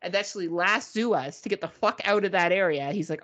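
A woman's voice: mid-range voice, animated, fairly quick, a bit bright, dull audio. A woman co-hosting a podcast, telling a story in casual, profane chat and mimicking beeping gadgets. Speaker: podcast co-host.

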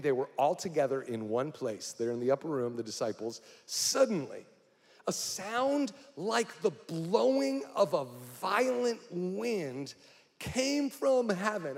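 A man's voice: fairly high pitch, darkish tone. A male pastor preaching a sermon, speaking directly to the congregation with frequent questions. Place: church hall. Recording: long hall reverb.

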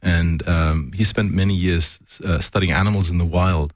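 A man's voice: low-pitched, steady tone, moderate pace, dry recording, studio quality. A man speaking as a talk show guest, an acupuncturist and yoga teacher, talking hesitantly with many fillers. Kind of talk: casual interview conversation.

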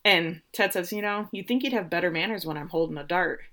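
Woman, thirties, casual storyteller, somewhat low voice, acts out characters. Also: brisk, a bit bright. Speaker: podcast co-host recapping an episode. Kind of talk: casual chat.

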